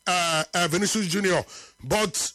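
A man's voice: pushed and bright, no echo, clean studio sound. A man hosting a live football talk show, arguing points emphatically and reading out viewer comments. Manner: emphatic, repeats points for effect, drops to low slow tones.

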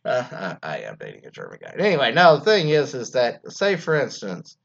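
A man's voice: mid-range voice, wildly swooping pitch, fairly quick, creaky, fairly bright tone, lo-fi sound. A man hosting an internet radio talk show, rambling casually with many fillers and restarts and some crude jokes.

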